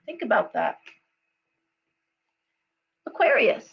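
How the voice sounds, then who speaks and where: A woman's voice: on the high side, very animated, slow, vocal fry. A middle-aged woman giving a live tarot reading, chatty and storytelling, with frequent okays and ums. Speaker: tarot reader. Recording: dull lo-fi sound with faint hum.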